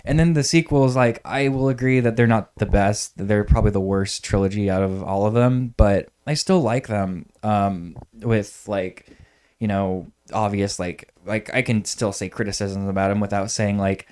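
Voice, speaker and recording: A man's voice: fairly low pitch, moderate pace, a little mellow, clear, resonant tone. A young man co-hosting a podcast, chatting casually and rambling with lots of fillers and swearing. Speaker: podcast co-host. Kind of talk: casual chat.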